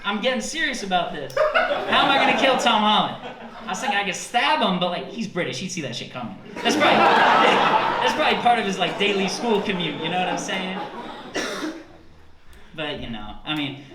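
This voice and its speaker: A young man doing offhand, deadpan stand-up at a college open mic. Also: sits high, brisk, very noisy. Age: young adult. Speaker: stand-up comic. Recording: echoey room with loud crowd.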